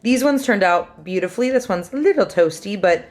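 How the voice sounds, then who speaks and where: A woman's voice: medium pitch, lively intonation, fairly quick, noisy background. A young woman in her twenties chatting through a cooking vlog in her home kitchen, bubbly and self-deprecating. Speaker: lifestyle vlogger. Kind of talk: casual cooking vlog chat.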